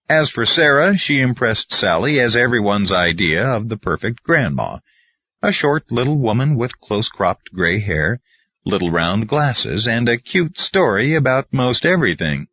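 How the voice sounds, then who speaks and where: A man's voice: medium pitch, sing-song, measured pace, pushed and bright, husky, dry recording, dull audio. A man narrating a novel as an audiobook reader in a storytelling manner. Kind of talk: scripted narration.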